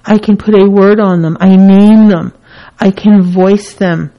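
A woman's voice: mid-range voice, steady tone, a little slow. A woman therapist in a casual teaching talk, who acts out the feelings she names with her voice. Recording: dull lo-fi recording.

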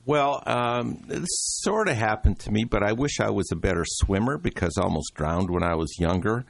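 A man hosting a radio health show, easygoing and halting, reading segments with drama. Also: lowish voice, animated, creaky, no echo.

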